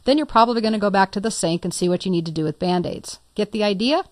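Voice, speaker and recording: A woman talks through a computer lesson in a relaxed, chatty way, using a homely story to make her point. Her voice sits at an ordinary middle pitch, and the recording is dry and close with no room sound. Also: fast talker, dry recording. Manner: conversational, playful teaching with story examples. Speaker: computer instructor. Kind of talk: recorded lecture.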